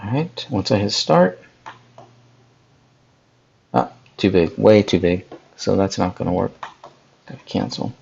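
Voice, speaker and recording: A podcast host with a low, gravelly, darkish voice runs a live editing tutorial, casually explaining each step and chatting with viewers in the live chat as he works. He's expressive, speaking at a measured pace with long pauses, and the recording sounds dull and lo-fi.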